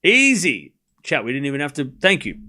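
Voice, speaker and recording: Lively, chatty male stream host. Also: on the high side. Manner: chatty, talks straight to his live chat, with quick asides and restarts. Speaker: host of a live tennis watchalong stream. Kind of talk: casual live commentary and chat with viewers.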